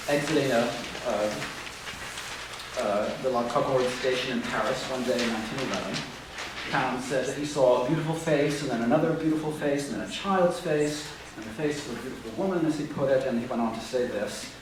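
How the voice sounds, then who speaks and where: Male poetry lecturer, measured, echoing room, picked up from a distance. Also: medium pitch, background noise. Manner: measured, scans stresses aloud. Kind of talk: literary lecture. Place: lecture room at a writing residency. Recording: very echoey room, distant mic.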